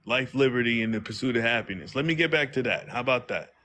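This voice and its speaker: A man's voice: mid-range voice, lively intonation, quick pace, bright, forceful tone. A man hosting a casual livestream, rambling in slangy speech and acting out quoted exchanges. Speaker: livestream host.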